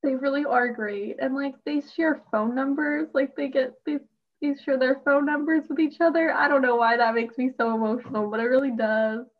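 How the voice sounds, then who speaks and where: A young woman co-hosting a podcast, chatting excitedly as a fan, laughing and filling her talk with "like". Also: high-pitched, moderate pace. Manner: excitable, laughing, heavy use of "like". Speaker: podcast co-host. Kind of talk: casual fan chat. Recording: dull lo-fi sound.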